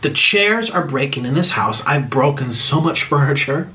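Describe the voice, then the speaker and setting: A man's voice: medium pitch, animated, normal speed, bright, forceful tone. A man vlogger eating on camera and rambling emotionally through fan questions in casual chat.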